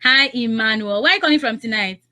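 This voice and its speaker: Bubbly high-voiced Nigerian radio hostess. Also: female voice, expressive, pushed and bright. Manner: bubbly, laughs often, teasing callers; repeats phone numbers slowly and clearly. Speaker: radio call-in host. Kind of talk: live radio call-in game.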